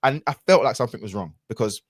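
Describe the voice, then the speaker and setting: A man's voice: mid-range voice, lively intonation, fast, dry recording, clean studio sound. A man, a podcast guest telling a personal story in a casual, reflective way with lots of fillers and restarts.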